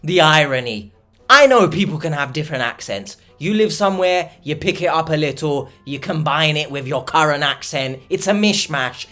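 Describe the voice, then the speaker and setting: Animated, mocking male reaction host. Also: fairly high pitch, normal speed, soft background music. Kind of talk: sarcastic reaction commentary.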